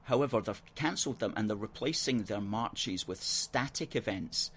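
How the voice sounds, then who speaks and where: A man hosting a political call-in show, arguing his points in a measured, earnest way and reading out viewer comments on a studio microphone. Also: lowish voice, lively intonation, breathy edge.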